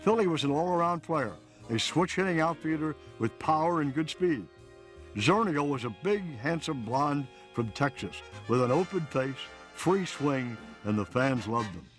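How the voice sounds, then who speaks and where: A man's voice: on the high side, animated, faint music behind. Man narrating a sports history documentary. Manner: measured, storytelling delivery. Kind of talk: scripted narration.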